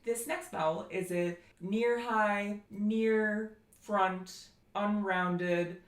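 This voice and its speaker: A woman with an American accent giving a phonetics lecture, explaining and slowly demonstrating vowel sounds. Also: mid-range voice, fairly even intonation, echoey room. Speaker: language teacher.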